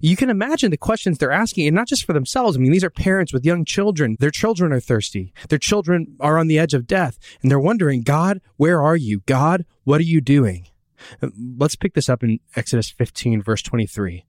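A man's voice: on the high side, big pitch swings, quick pace, few pauses, dry recording, clean studio sound. A man giving an earnest Bible teaching talk, telling stories and voicing people's questions.

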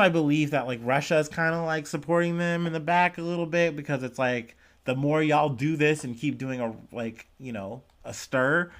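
A man's voice: mid-range voice, a bit bright. A young man hosting a solo podcast, talking through the news in a loose, rambling way, full of fillers and self-deprecating asides. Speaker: podcast host. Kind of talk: casual solo news commentary.

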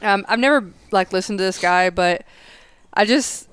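A woman co-hosting a podcast, speaking her mind frankly in relaxed chat. Her voice is smooth and clear at a middle pitch. The recording is dry and close. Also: moderate pace, dry recording. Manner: frank, opinionated. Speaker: podcast co-host. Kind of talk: casual chat.

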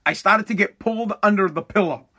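A man's voice: high-pitched, fairly quick, pushed and bright. A man hosting his own podcast, talking casually in a rambling, profane way with many restarts. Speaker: podcast host. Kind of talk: casual solo podcast monologue.

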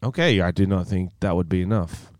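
A man's voice: sits low, fairly quick, darkish tone, no echo, clean studio sound. A man with an Australian accent co-hosting a casual comedy podcast, joking around. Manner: joking, slips into silly put-on voices. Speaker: podcast co-host.

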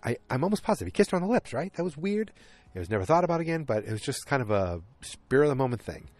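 A man's voice: medium pitch, big pitch swings, quick pace, no room sound. A man chatting casually outdoors on a windy evening, rambling through a recap of a TV episode and acting out the characters' lines as he goes.

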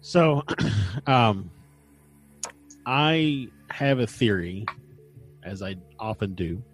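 A man co-hosting a casual podcast chat, relaxed and digressive, often pausing with ums and clearing his throat. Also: fairly low pitch, faint music behind. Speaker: podcast co-host. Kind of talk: casual chat about paranormal lore.

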